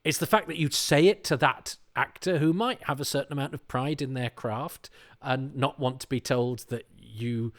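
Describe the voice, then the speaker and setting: A middle-aged man hosting a podcast, talking in a casual monologue with animated, indignant storytelling. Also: medium pitch, normal speed. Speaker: podcast host.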